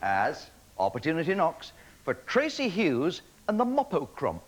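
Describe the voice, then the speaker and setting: Male talent show host, wry jokes, slightly high pitch, lively intonation. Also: unhurried, low-quality recording. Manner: wry, mock-flustered joking. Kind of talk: scripted presenting with jokes. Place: TV studio.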